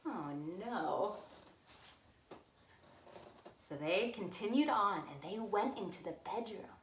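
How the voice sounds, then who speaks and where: Animated, sing-song woman reading to kids. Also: mid-range voice, normal speed, reverberant, a little hiss or hum. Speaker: children's librarian. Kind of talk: storytime reading for children.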